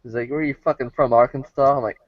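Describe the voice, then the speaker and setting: Podcast co-host, man, laid-back and low-key, dry dull recording. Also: fairly even intonation, fast, no echo. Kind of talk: casual chat.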